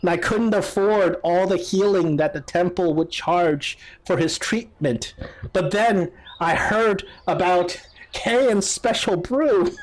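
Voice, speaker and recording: A man voicing a poor grieving mother who is halfway sobbing, in a high wavering voice. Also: takes it slowly.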